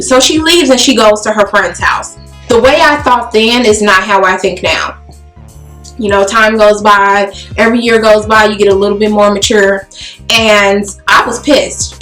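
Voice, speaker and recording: A beauty vlogger with a medium-pitched voice tells a personal story at a moderate pace, casual, animated, blunt and profane. She acts out the quoted dialogue, and the recording has a roomy echo with faint music.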